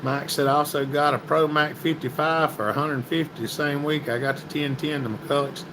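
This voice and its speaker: A man's voice: a little high, fairly even intonation, normal speed, noisy background. A man hosting a casual livestream, reading viewer comments and greeting people by name in a folksy, chatty way. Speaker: livestream host.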